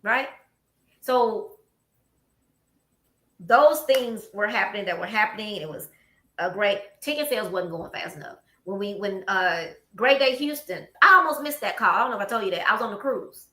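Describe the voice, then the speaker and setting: Hosting a casual conversation from an office room, a woman with a Southern US accent talks at a moderate pace in a mid-range voice. Her storytelling is lively, with quotes acted out, and the room's echo is audible.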